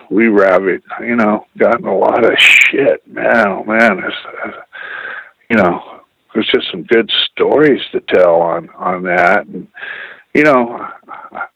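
A man's voice: low-pitched, fairly bright tone, slightly rough, no room sound. A man telling personal stories in a rambling, profane, casual way, full of "you know"s. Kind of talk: casual storytelling. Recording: dull lo-fi radio sound.

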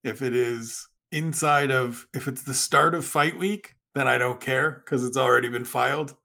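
A man's voice: mid-range voice, normal speed, creaky, bright, forceful tone. A man from Canada, a guest writer on a podcast, explaining things at length in casual chat and giving advice.

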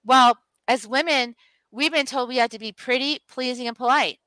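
A woman's voice: high-pitched, steady tone, moderate pace, sharp tone, no room sound, rough recording. A middle-aged woman, a guest healer, telling stories with passion in an emphatic, rousing way, repeating words for force. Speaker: guest, medicine woman and mentor. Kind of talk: passionate storytelling in conversation.

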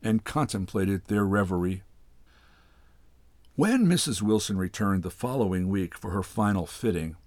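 A man hosting a program where he reads a literary short story aloud, in unhurried, measured narration. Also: lowish voice, a little mellow, dry recording. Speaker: host reading stories aloud.

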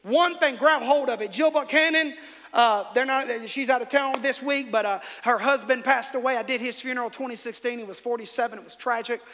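A man's voice: extremely high pitch, brisk, bright, forceful tone, in a large hall. A man preaching a sermon as pastor, fervently telling the congregation how to respond. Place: church sanctuary.

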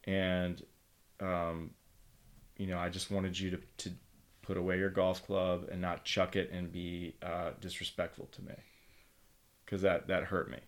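Deep, flat-voiced man speaking candidly. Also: measured pace. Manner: candid and reflective, swears casually. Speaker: guest, father of three. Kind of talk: casual conversation.

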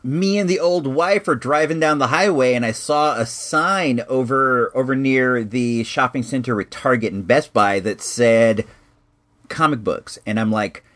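A man's voice: medium pitch, unhurried, a bit bright. A middle-aged man hosting a podcast, telling a long casual story with frequent restarts and fillers.

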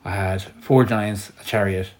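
A man's voice: on the low side, steady tone, a little slow, a little mellow. An Irish man telling stories in casual chat, rambling, swearing freely and laughing often.

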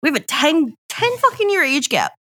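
A young woman talks in a high, bouncing voice as a podcast co-host. Her tone is bright and cutting. She tells blunt stories full of swearing. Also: very animated, normal speed. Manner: blunt, profane storytelling. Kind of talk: casual chat.

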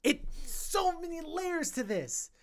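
A man co-hosting a podcast, reviewing a film in casual chat, animated and earnest, quoting characters' thoughts as he talks. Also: very high-pitched. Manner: animated, acts out characters' thoughts in quick quotes; emotional and earnest about the film. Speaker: podcast co-host.

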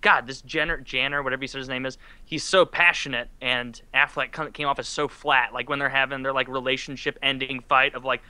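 A man's voice: medium pitch, fairly even intonation, brisk, hardly any pauses, pushed and bright, clean tone, no echo. A man in casual chat on a video call, blunt and opinionated, swearing freely.

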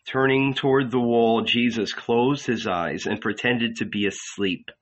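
A man narrating literary fiction in a measured, deliberate voice. His pace is very slow and unhurried, and the recording has a dull, lo-fi quality. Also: mid-range voice, fairly even intonation, a bit bright. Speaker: audiobook narrator.

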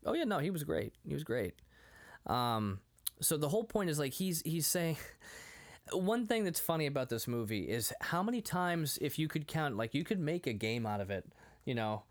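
A man's voice: fairly high pitch, sing-song, moderate pace. A man in his thirties co-hosting a casual movie chat, rambling, laughing often and acting out quotes. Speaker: podcast co-host.

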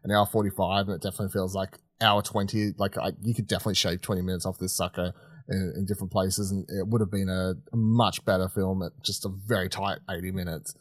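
A man's voice: sits low, level tone, fast talker, dry recording, clean studio sound. A man co-hosting a podcast who chats casually about films, rambling with restarts, swearing freely and laughing often. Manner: laughs often while telling stories. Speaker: podcast co-host. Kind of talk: casual chat reviewing films.

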